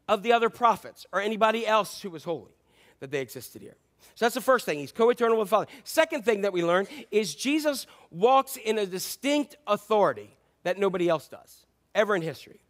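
A pastor preaching a sermon in a chatty, joking way, asking his congregation questions and acting out scripture. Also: sits high. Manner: conversational and joking, quizzes the congregation; acts out scripture quotes in playful voices.

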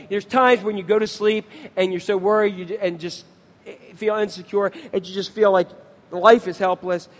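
A middle-aged man, a pastor, preaching a sermon and asking the congregation questions in an animated way. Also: sits high, long reverb tail.

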